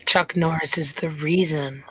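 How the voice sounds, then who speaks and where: A woman co-hosting a casual livestream, reading facts and jokes in a soft, slow, mock-ASMR voice. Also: low-pitched, fairly even intonation, husky, rough recording.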